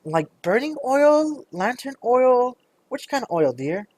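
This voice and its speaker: A fussy, sweet little shopkeeper woman in a tabletop game, as a man puts her on, lifting his voice into a high, airy falsetto. The sound is close and dry, with no room around it. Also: big pitch swings, slow pace, a little mellow, no room sound, exaggerated voice.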